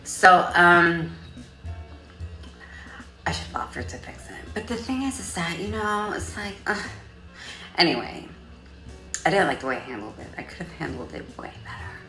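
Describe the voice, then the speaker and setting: A woman telling a story in a casual vlog, sassy and profane, with animated delivery. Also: lowish voice, moderate pace, pauses often, reverberant, faint music behind. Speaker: vlogger.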